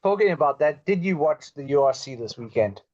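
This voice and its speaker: A man co-hosting a rugby podcast in a casual chat, halting and leaning on fillers. His voice is slightly high for a man. The audio comes through a little muffled. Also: expressive, darkish tone. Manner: hesitant, many fillers, halting. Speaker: podcast co-host.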